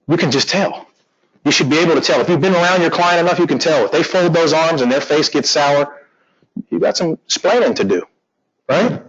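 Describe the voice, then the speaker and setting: Husky-voiced guy teaching a real estate class, jokey and animated, kinda dull lo-fi sound. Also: medium pitch. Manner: animated, joking, acts out quotes. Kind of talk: classroom training talk.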